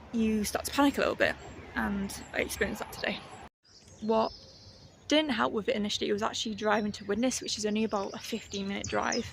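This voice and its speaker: A woman, chatting casually in her vlog and laughing often as she talks herself calm. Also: medium pitch, gravelly, a little hiss or hum. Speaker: artist vlogger. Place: outdoors on a walk, then at home.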